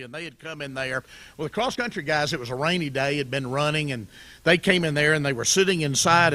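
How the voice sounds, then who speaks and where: A middle-aged man emcees a club luncheon in a jovial, storytelling way. His voice sits high for a man and rings bright and forceful, and he keeps slipping in quick asides. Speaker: event host.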